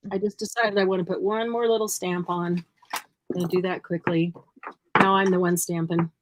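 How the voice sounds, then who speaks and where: A woman's voice: lowish voice, level tone, normal speed, background noise. A woman co-hosting a crafting livestream, chatting casually and laughing often as she works. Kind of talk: casual chat while crafting.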